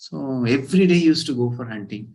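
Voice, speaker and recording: A man giving a scripture class, telling a parable in an animated way and acting out the characters' lines. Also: mid-range voice, rapid-fire, rough recording. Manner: animated storyteller, acts out quoted characters. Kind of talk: storytelling sermon.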